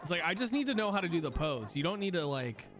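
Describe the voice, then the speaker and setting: A man's voice: on the high side, very animated, fast. A young man streaming a game, chatting casually, rambling and swearing as he restarts his sentences. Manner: swears freely, rambling, self-correcting. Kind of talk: casual gaming stream chat. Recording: music playing behind.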